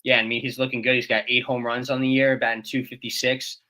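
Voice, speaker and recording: A man's voice: medium pitch, level tone, fast, pushed and bright, poor audio. A man co-hosting a morning baseball show, reeling off player stats in easygoing banter. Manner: reads stats, laid-back banter. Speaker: co-host. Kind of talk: casual sports talk.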